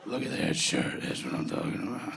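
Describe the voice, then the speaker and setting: A sleazy, leering man, putting on a low, oily, exaggerated voice, as a comedian acts him out. The voice drops far below the comedian's usual pitch. The live recording carries clear background noise. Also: sing-song, fairly quick, heavily acted.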